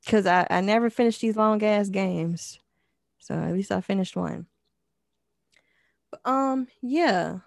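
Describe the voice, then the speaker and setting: A woman's voice: mid-range voice, takes it slowly, gravelly, pauses often, dry recording, studio quality. A woman co-hosting a podcast in laid-back, teasing casual chat. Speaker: podcast co-host.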